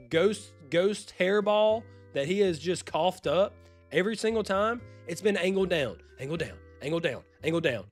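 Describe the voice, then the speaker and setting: A man with a Louisiana accent, chatting and joking as he streams a retro game, now and then yelping with excitement. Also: sits high. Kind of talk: casual live-stream commentary. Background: faint game music.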